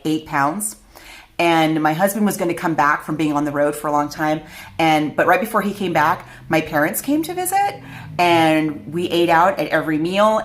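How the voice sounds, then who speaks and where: A middle-aged woman vlogger telling a personal story to camera, chatty and candid, often laughing at herself. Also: low voice.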